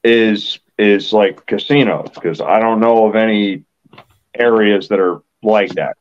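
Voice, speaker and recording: A man's voice: lowish voice, a little slow, dull audio. A man from Connecticut co-hosting a podcast, rambling in casual chat, repeating himself and apologizing often. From Connecticut, USA. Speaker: podcast co-host.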